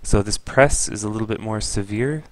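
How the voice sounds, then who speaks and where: A man's voice: fairly low pitch, moderate pace, no echo. A man giving an easygoing, explanatory review of a Go game as a teacher.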